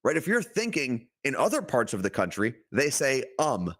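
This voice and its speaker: A middle-aged man with a New Jersey accent co-hosts a relaxed podcast. His voice rises and falls a lot as he tells stories and plays out little quotes in character. He sounds conversational and unscripted. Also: medium pitch, moderate pace. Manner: animated storytelling, acts out quotes. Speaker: podcast co-host. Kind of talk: casual chat.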